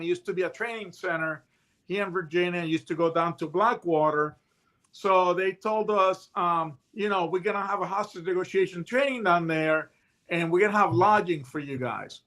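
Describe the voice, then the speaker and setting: Guy in his late 50s telling war stories, high bright voice, jumps into voices for everyone. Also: normal speed. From United States. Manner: animated, full of restarts and voiced quotes. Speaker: guest, retired hostage negotiator. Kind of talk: casual storytelling.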